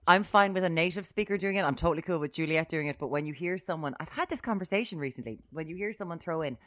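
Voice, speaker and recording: A woman's voice: sits low, quick pace, fairly bright tone. An Irish woman co-hosting a podcast, dry and teasing, with emphatic asides. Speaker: podcast co-host, radio broadcaster. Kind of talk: casual podcast chat.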